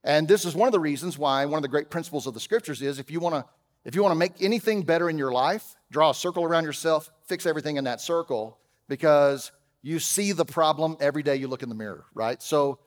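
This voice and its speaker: A man preaching a sermon as pastor, conversational, with humorous asides, swinging from loud emphasis to quiet. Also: on the high side, animated, brisk, long reverb tail. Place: church auditorium.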